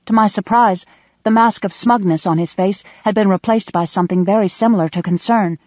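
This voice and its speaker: Measured woman reading an audiobook. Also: mid-range voice, darkish tone, dry recording. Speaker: audiobook narrator. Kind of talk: scripted first-person narration. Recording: dull dry close recording.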